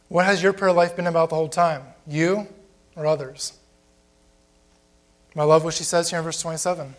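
Male preacher, sermon, slightly high voice, conversational, rhetorical questions. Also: steady tone, normal speed, long pauses. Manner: asks the congregation many rhetorical questions. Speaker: pastor.

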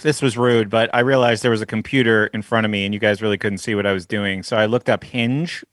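A man's voice: fairly low pitch, steady tone, fast, dry recording. A man on a podcast looking things up on a computer and reading them out during casual chat. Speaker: podcast co-host.

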